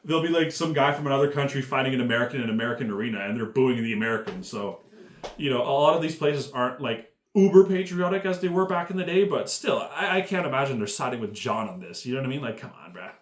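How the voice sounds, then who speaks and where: A man's voice: mid-range voice, animated, fast, roomy sound. A man giving a casual, profane commentary rant, rambling and full of fillers. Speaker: MMA commentary YouTuber.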